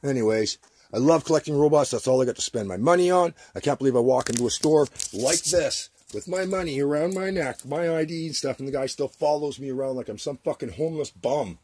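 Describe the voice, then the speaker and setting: A man's voice: medium pitch, a little fast, darkish tone, slightly rough. A Canadian man ranting to the camera in his home workshop, agitated and rambling, often repeating himself. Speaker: vlogger.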